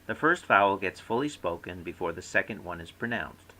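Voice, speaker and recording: A man's voice: low-pitched, lively intonation, a little fast, pushed and bright, poor audio. A man giving a scripted recorded lecture as a course instructor, reading aloud and demonstrating word stress by example.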